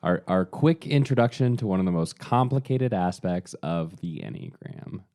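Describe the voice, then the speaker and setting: A man with a very low voice co-hosts a podcast. He talks casually, often restarting his sentences and adding wry remarks. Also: lively intonation, warm tone. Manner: halting, restarts, wry asides. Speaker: podcast co-host.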